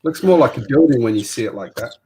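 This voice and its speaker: A man's voice: mid-range voice, expressive, fast, darkish tone, slightly rough. A man hosting a live building stream, chatting casually with a dry, teasing manner. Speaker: stream host.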